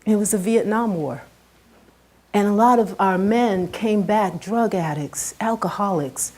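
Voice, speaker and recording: A woman's voice: medium pitch, unhurried, a little mellow. A middle-aged woman giving a heartfelt personal talk on stage to a live audience, her voice rising and dropping with emotion. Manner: earnest and heartfelt, rises and drops sharply with emotion.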